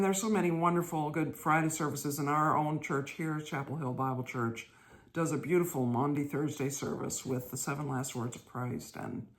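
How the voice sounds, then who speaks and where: Chatty older woman telling a story. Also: extremely low pitch. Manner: gentle, chatty, laughs while telling. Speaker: host. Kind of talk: casual storytelling monologue.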